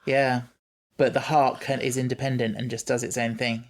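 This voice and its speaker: A man's voice: mid-range voice, level tone, moderate pace. A man co-hosting a casual podcast, chatting enthusiastically and explaining things at length. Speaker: podcast co-host. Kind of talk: casual chat.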